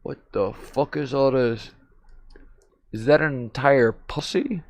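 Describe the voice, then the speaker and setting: A man's voice: mid-range voice, takes it slowly, a little mellow. A man streaming a VR game, chatting casually, rambling and goofy with sing-song repetitions on a headset mic.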